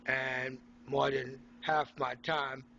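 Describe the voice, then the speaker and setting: A man's voice: medium pitch, little pitch movement, takes it slowly, vocal fry, sharp tone, dull audio, a little hiss or hum. A middle-aged man from Haiti, ranting sarcastically and combatively into his phone in an indoor room. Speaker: vlogger. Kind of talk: ranting selfie monologue.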